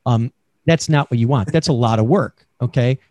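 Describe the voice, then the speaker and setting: A man's voice: medium pitch, normal speed, a little mellow, no room sound. A man being interviewed about selling, talking in a chatty coaching way with many fillers over a remote call mic. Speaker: sales expert guest.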